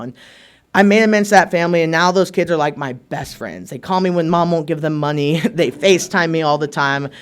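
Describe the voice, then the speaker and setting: A man's voice: on the high side, fairly quick. A young man giving a candid personal testimony at a recovery meeting, talking casually and often dropping "like" and "right?". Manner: earnest, emotionally open storytelling.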